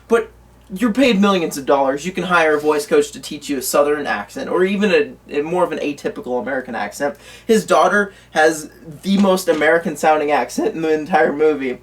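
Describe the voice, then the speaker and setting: A man's voice: on the high side, expressive, brisk, fairly bright tone, far from the mic. A man co-hosting a casual movie news chat, rambling with lots of fillers and restarts. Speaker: co-host. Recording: voice from away from the mic.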